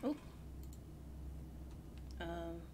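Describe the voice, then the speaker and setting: A woman's voice: fairly low pitch, animated, very slow, warm tone, slight background noise. A woman hosting a gaming channel, nervously talking to herself as she plays through a horror game. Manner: nervous, talks to herself while playing. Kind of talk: let's play commentary.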